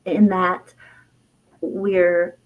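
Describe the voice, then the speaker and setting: A middle-aged woman, an herbalist and author, telling a personal story in an interview, reflective and heartfelt, with fillers and soft laughs. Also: on the low side, little pitch movement, drawn-out words, narrow, tinny audio.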